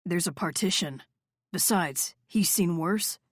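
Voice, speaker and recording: A woman voicing a low, murmuring male rock star. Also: measured pace, no echo, clean studio sound. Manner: low murmuring, teasing and insistent. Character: confident seductive male rock star, commanding. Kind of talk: audiobook character voice.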